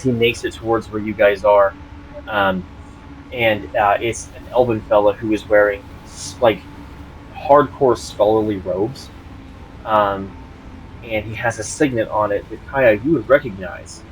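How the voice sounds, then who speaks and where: A man's voice: fairly low pitch, fairly even intonation, moderate pace, a little hiss or hum, poor audio. A man narrating as game master of a tabletop game, hesitant, with lots of ums and restarts.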